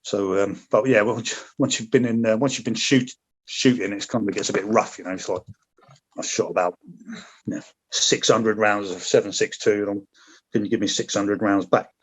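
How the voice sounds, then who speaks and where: A man's voice: fairly low pitch, steady tone, moderate pace, slightly rough. A British man, a former paratrooper and podcast guest, telling combat stories in casual conversation, swearing freely with many restarts and asides. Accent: British English. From Britain. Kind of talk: casual storytelling.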